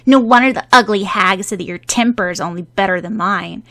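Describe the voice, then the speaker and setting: A woman voicing a bratty, sharp-tongued young orphan boy who speaks in a smug, blunt, scoffing way. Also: medium pitch, fairly quick.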